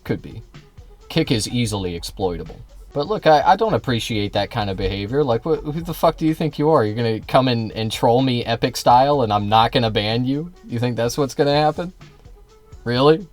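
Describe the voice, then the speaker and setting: A man's voice: mid-range voice, lively intonation, a little fast, faint music behind. A man streaming live, arguing with his chat in a combative, sarcastic, profane way. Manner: sarcastic, mocking. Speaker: livestreamer.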